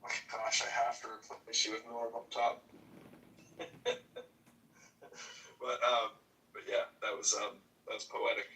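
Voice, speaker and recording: A man hosting a casual chat, who talks haltingly and repeats his words. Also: medium pitch, flat delivery, bright, forceful tone. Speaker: room host. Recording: echoey, from a distance.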